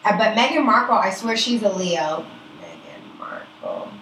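A woman's voice: medium pitch, normal speed, a bit bright, a little hiss or hum. A woman co-hosting a podcast, chatting casually and bluntly about astrology and swearing freely. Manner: blunt, profane, emphatic. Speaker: podcast co-host. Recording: roomy echo.

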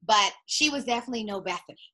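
A young woman in casual reality-TV chat, blunt and animated, swearing freely and mimicking people. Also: a little high, very fast, a crowd in the background.

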